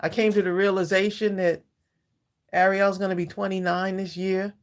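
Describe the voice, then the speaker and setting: Hosting a live craft stream, a woman in her sixties talks at normal speed in a medium-pitched voice with little pitch movement. She greets viewers by name, chats with heartfelt warmth, and laughs often between thoughts.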